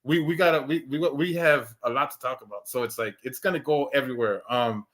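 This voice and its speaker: A man's voice: mid-range voice, brisk, fairly bright tone, a little hiss or hum. A man in his thirties telling a long personal story in casual chat, full of restarts and repeated words, swearing now and then. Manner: acts out quoted lines in a raised voice. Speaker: podcast co-host.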